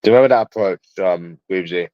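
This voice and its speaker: A male livestreamer with a London accent talks casually to his viewers, rambling, crude, and swearing freely. His low voice races along, and the recording sounds dull, lo-fi, and dry with no echo.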